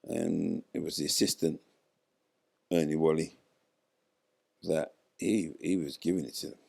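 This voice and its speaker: Older guy, deep and gravelly, telling his story with lots of acted-out quotes. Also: a little slow. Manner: animated retelling, acts out quoted dialogue. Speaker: interview guest, former footballer. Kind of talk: storytelling in a podcast interview.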